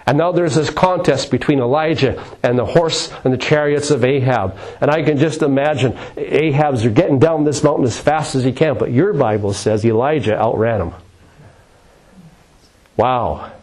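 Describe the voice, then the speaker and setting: A man preaches a sermon with dramatic, repetitive phrasing. His voice sits in a middle pitch, and his emphasis rises and falls as he drives each point home. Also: moderate pace, a little mellow, slightly rough, low-quality recording.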